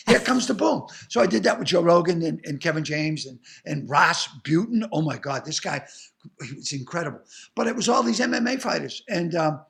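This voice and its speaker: An older man with a Boston accent tells showbiz stories as an interview guest. His voice sits high, with a gravelly fry and a bright, forceful edge. He rambles, swears freely and restarts his sentences often. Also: expressive, brisk. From Boston area. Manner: profane, emphatic, rambling anecdotes with restarts. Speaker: guest, actor and comedian. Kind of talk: animated storytelling in an interview.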